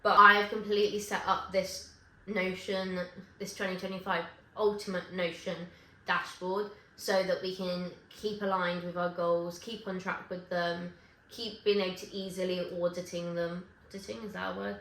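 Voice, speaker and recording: A woman vlogging to camera in casual chat, rambling and correcting herself with quick asides. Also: fairly low pitch, level tone, pushed and bright. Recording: echoey room with faint ambience.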